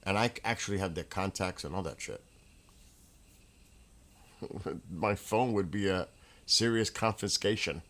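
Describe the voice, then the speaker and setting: Male stream host, slightly low voice, rambling excitable storyteller chatting casually at home. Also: unhurried, pauses often. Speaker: livestream host. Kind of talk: casual chat.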